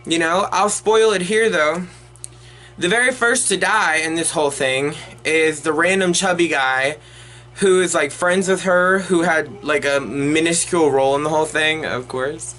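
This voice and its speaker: A man's voice: on the high side, normal speed, sharp tone. A young man giving an unedited movie review in a rambling, exasperated and profane rant, full of restarts.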